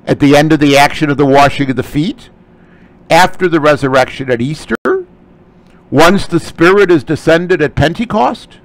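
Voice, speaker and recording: A man's voice: on the high side, no room sound, rough recording. A man teaching a scripture lecture, explaining Greek terms closely. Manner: slow, animated delivery. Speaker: Bible study teacher.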